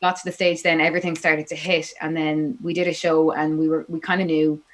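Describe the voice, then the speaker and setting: A woman's voice: deep voice, little pitch movement, a little fast, slight background noise, rough recording. A young Irish woman, a musician guest on a podcast, telling her story in a chatty way full of "like" and "you know". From Ireland. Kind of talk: podcast interview.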